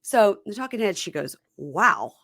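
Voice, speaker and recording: A woman's voice: deep voice, normal speed, dry recording, clean studio sound. A woman hosting a podcast, recapping a reality show in casual chat and acting out the people's lines as she tells it. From Southern United States. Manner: animated storytelling, acting out quotes. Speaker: podcast host.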